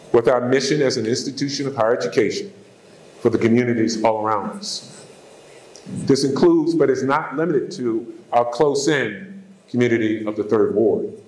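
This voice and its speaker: Man, mid pitch, formal podium address, emphatic listing cadence, roomy hall sound. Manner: measured, emphatic speech with lists and repetition. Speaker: university president. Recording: echoey hall.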